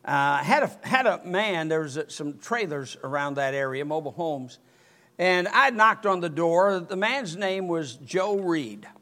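Older pastor, animated storyteller, bright high-pitched voice. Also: male voice, measured pace. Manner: animated, rises to near-shouting when excited. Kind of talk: sermon with storytelling.

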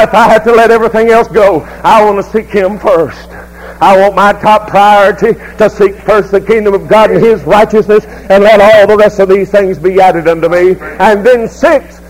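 High-voiced fervent preacher man. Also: normal speed, poor audio. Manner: rising into loud, fervent preaching. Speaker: pastor. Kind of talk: sermon.

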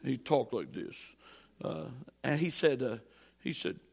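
A middle-aged man preaching a sermon, emphatic and rising to loud peaks, mixing humorous stories into his teaching. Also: mid-range voice, big pitch swings, measured pace, vocal fry, husky. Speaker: pastor.

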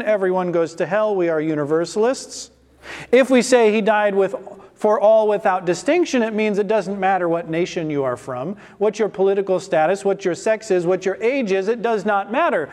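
Male preacher, high voice, emphatic scripture teaching, rhetorical questions. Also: darkish tone, in a large hall.

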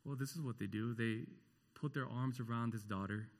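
Male pastor, mid-range voice, preaching slowly with passion, moves between booming questions and gentle near-whispers; long room echo. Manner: impassioned, swinging from loud rhetorical questions to hushed tenderness. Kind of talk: sermon.

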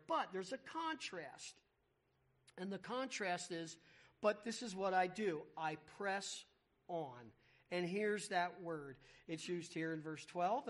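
A preacher delivers an expository sermon in a mid-range voice, emphatically explaining what words mean, repeating key terms, and posing rhetorical questions.

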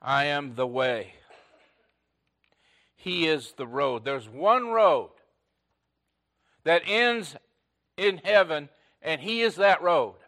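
A man preaching a sermon in short, repeated phrases, rising to loud emphasis and dropping to a hush. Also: fairly high pitch, expressive, takes it slowly, long pauses. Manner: swings between loud emphatic lines and hushed near-whispers. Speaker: pastor.

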